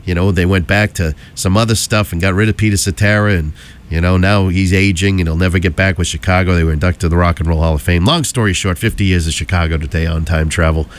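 A radio DJ with a low-pitched, hoarse, froggy voice from a cold chats casually on air from a station studio. He talks quickly and rambles, throwing in jokey asides.

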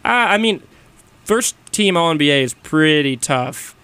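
A man's voice: a little high, smooth, no echo. Young man hosting college radio. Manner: animated, talks over others, quick bursts. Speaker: radio host. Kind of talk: casual sports chat on college radio.

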